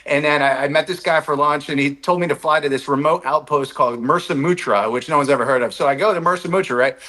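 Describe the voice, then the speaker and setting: A man from the United States, a podcast guest, telling a travel story quickly, peppered with "like" and "right?" asides. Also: fairly high pitch, pushed and bright, poor audio. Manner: rapid anecdote-telling with lots of "like" and "right?" asides. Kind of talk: animated storytelling in conversation.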